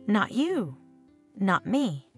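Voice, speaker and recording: A woman's voice: medium pitch, big pitch swings, extremely slow, breathy edge, soft background music, heavily acted. A woman voicing a spiteful, scheming older mother-in-law who mocks as she speaks. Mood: venomous. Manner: venomous, mocking.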